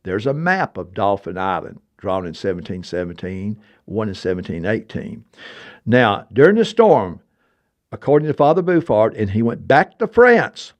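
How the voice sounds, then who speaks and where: An older man in his seventies, hosting a podcast and telling stories in casual chat, animated, digressive and emphatic. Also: lowish voice, normal speed, muffled recording. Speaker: podcast host.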